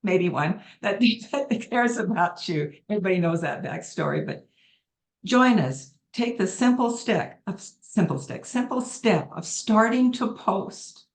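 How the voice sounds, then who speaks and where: A middle-aged woman talks earnestly on a video call, her voice sitting at an ordinary middle pitch. She is emotional and rambles a little as she shares her testimonial from the heart. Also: expressive, unhurried. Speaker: guest giving a testimonial.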